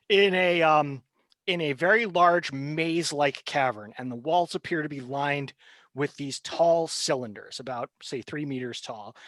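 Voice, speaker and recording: A man narrating a tabletop game as game master, brisk and relaxed, with fillers. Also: on the high side, no echo.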